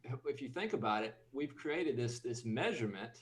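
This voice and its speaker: A man's voice: mid-range voice, lively intonation, normal speed, low-quality recording. A man speaking emphatically and animatedly on an online panel discussion. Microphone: video call.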